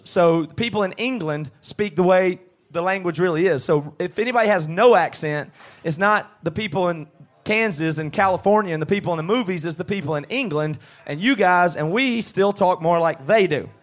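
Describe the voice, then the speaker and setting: A man with a Southern US accent, co-hosting a live podcast in a pub and riffing in an animated, ranting way. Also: high voice, moderate pace. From southeastern United States. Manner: animated, ranting comic riff. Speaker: podcast co-host. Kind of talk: live podcast banter in front of a crowd. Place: pub stage. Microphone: handheld mic.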